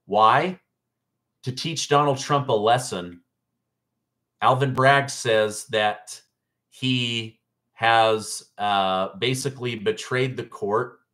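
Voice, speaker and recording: A man in the middle pitch range hosts a political news livestream. He talks casually and chattily to his viewers, with a mocking, incredulous edge. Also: slow pace, fairly bright tone.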